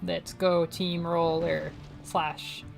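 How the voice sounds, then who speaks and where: Chatty woman with a lowish voice. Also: flat delivery, drawn-out words, gravelly, soft background music. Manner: chatty, rambling, laughs often. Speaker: streamer playing a game. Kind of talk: casual gaming commentary.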